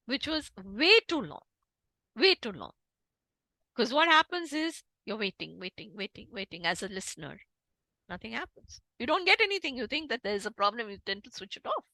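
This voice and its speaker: Woman, Indian English accent, high lively voice, emphatic lecturing style; dry close recording. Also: no echo, poor audio. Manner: emphatic, animated lecturing with demonstrations. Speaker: guest speaker on interpreting. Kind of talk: online talk.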